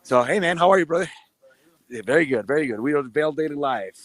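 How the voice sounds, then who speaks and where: A man roving an outdoor farmers market for a live show, talking excitedly as he walks. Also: fairly high pitch, fast, no room sound. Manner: excited, talks while walking. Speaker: roving reporter. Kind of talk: live on-location chat.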